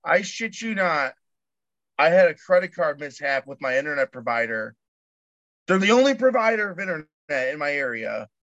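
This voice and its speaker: A man's voice: fairly high pitch, sing-song, normal speed, a bit bright, no room sound. A man venting in a rambling, frustrated way during a casual chat. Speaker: bounce house business owner, guest. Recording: dry, dull lo-fi remote line.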